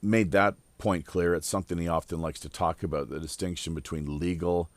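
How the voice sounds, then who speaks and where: Deep-voiced guy hosting a podcast, rambly, dry close sound. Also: steady tone, no echo. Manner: rambling, filler-heavy, deliberate. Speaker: podcast host. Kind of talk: casual round-table chat.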